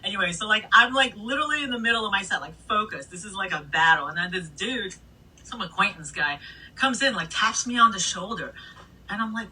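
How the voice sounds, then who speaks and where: A middle-aged woman DJ telling stories in a casual interview, animated, swearing freely and laughing between anecdotes. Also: medium pitch, fairly quick, slightly rough. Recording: voice a bit distant from the mic.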